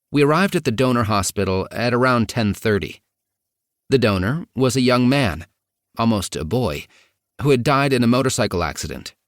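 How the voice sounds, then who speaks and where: A man narrating a first-person memoir audiobook in a measured, even reading. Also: on the low side, no room sound, clean studio sound.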